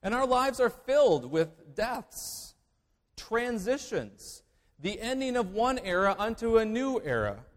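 A male pastor preaching a sermon, emphatic, moving between loud declarations and hushed asides. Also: very high voice, sing-song, slow pace, big-room sound.

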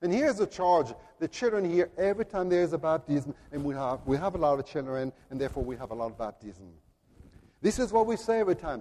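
A man with a French accent preaching a sermon in an earnest, deliberate way, at times speaking directly to children. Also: on the high side, lively intonation, mellow, big-room sound. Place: church.

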